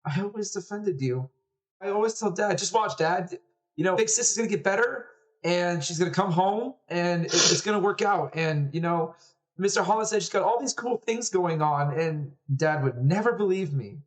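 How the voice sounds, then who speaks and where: A heartbroken young boy lashes out, shouting and accusing, as a man puts him on. His voice climbs far above a man's usual range and keeps breaking. The voice sounds a little distant from the mic. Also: sits high, expressive, normal speed, voice pushed up. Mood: hurt, angry. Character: upset young boy, tearful and angry.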